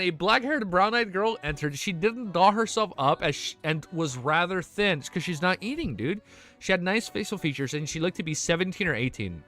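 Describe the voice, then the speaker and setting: A man's voice: high voice, pushed and bright. A young man streaming, reading a novel aloud and breaking off to react emotionally, casual and swearing.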